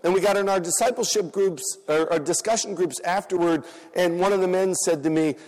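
A man's voice: high voice, fairly quick, darkish tone. Earnest male pastor preaching in a hall. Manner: earnest storytelling with emphatic repetition. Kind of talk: sermon. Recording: reverberant hall.

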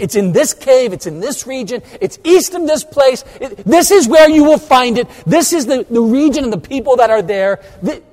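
A man preaching in a high, lively voice, swinging from ringing emphasis down to near-murmured asides. His words carry a long reverb from a large church hall. He sounds like a pastor in the middle of a sermon. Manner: animated preaching, swinging between loud emphasis and quiet asides.

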